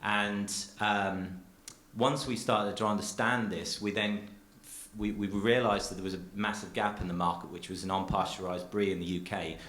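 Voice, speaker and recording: A dairy farmer and cheesemaker giving an earnest, rambling public talk full of restarts, speaking from a theatre stage. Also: male voice, fairly low pitch, fairly even intonation, normal speed, fairly bright tone, echoey room.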